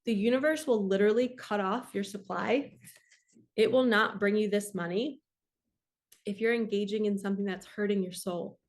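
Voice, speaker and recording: A woman's voice: mid-range voice, normal speed. A young adult woman giving a casual tarot reading, talking passionately and rambling with lots of "like". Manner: passionate, rambling, says "like" often. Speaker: tarot reader and spiritual coach.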